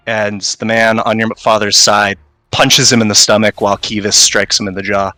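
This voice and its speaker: Bright-voiced man narrating a tabletop game. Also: on the low side, flat delivery, no echo, poor audio. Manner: vivid, measured storytelling. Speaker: game master. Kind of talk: dramatic second-person narration of a tabletop game.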